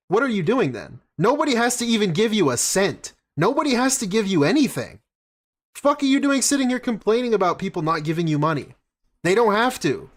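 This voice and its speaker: Man ranting, profane and mocking. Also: sits high. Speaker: streamer reacting to a clip. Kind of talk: ranting reaction commentary.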